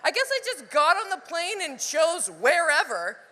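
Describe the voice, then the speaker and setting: A woman performing live stand-up comedy, animated, acting out voices and laughing often. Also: very high voice, moderate pace, long reverb tail.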